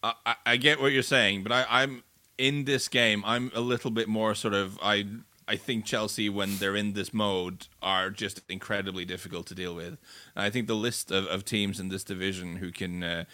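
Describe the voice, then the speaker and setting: A man's voice: lowish voice, steady tone, moderate pace, sharp tone, no echo. A man breaking down football matches in a casual podcast chat, fluent but often restarting and repeating words. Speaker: football pundit. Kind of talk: casual sports podcast analysis.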